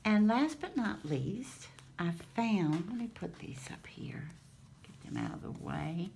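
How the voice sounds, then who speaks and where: A woman's voice: medium pitch, big pitch swings, slow pace, gravelly, a little mellow, slight background noise. An older woman hosting a craft channel, showing her finds in a gushing, sweet way with little laughs. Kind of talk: casual show-and-tell chat.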